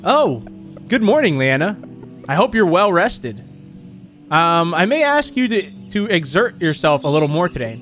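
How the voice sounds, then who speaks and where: A man's voice: high voice, big pitch swings, normal speed, fairly bright tone, soft background music. A man reading aloud the lines of an eerie, doting mannequin mother from a horror game in his own plain voice. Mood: coaxing.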